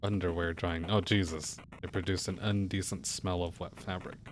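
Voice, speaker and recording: A man's voice: low-pitched, little pitch movement, moderate pace, slight background noise. A man streaming a video game, muttering wry, casual commentary with frequent swearing. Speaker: gaming streamer. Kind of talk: casual let's-play commentary.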